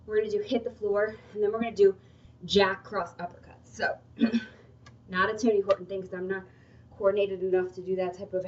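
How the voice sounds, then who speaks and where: A woman's voice: medium pitch, far from the mic, a little hiss or hum. A young adult woman giving a workout lesson in a chatty, encouraging way. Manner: chatty, encouraging, breaks off with laughs. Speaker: fitness instructor. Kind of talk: workout instruction video. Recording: muffled, from away from the mic.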